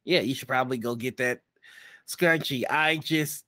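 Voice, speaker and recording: A player voicing a shifty man who has been caught sneaking and dodges every question in a flustered way. The pitch stays mid-range. The voice is close and dry. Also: moderate pace, pushed and bright, no room sound, lightly acted. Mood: evasive. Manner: evasive, flustered.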